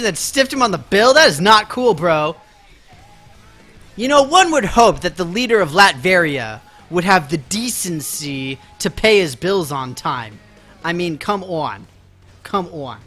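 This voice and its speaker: Bright, high-voiced male streamer. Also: animated, a little slow, soft background music. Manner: chatty, laughs often, mock-offended banter with viewers. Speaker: live streamer playing a game. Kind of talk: casual live-stream chat.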